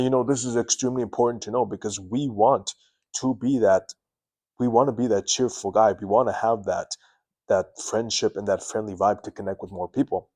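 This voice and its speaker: Speaking directly into a camera mic, a self-improvement host offers advice in an earnest, animated way. This young man has a fairly low-pitched voice, swings his tone high and low on purpose, and often restarts words.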